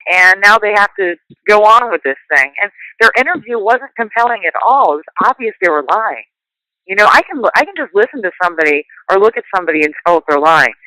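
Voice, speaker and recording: A woman hosting a casual conversation, talking in an eager, animated way and agreeing readily. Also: mid-range voice, no echo, low-quality recording.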